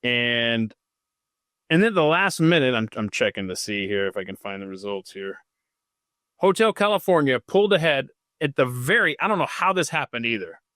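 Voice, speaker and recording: A man's voice: mid-range voice, big pitch swings, normal speed, bright, forceful tone, dry recording, studio quality. A man hosting a casual solo podcast, reading from notes and breaking off often to joke and riff. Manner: rambling and jokey, reading aloud and stopping to riff. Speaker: podcast host. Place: home studio.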